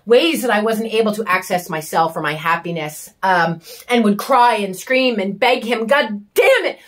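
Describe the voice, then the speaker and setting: A woman's voice: mid-range voice, normal speed. A woman giving an emotional personal monologue, raw and intense, with bitter sarcasm, frequent swearing and emphatic repetition. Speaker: vlogger sharing her story.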